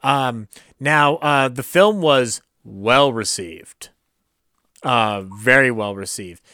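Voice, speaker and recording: A man's voice: mid-range voice, slow, bright, forceful tone, clean tone, dry recording. Giggly man on a dry mic. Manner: laughs often, restarts sentences. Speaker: podcast co-host. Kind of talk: casual podcast chat.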